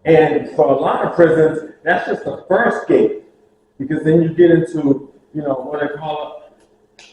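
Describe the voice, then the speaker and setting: A man telling lively stories about prison ministry to a group, acting out the voices of the people in them. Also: fairly high pitch, unhurried. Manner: animated, acts out dialogue, laughs at own stories. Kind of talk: storytelling talk to a group. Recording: very echoey room with faint hiss.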